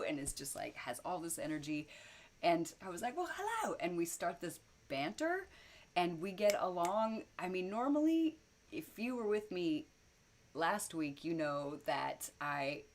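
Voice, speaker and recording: A woman telling a personal story to camera in a casual, rambling way, with many fillers and frequent laughs. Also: lowish voice. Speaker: vlogger telling personal stories. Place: indoors at home, lit by light bulbs.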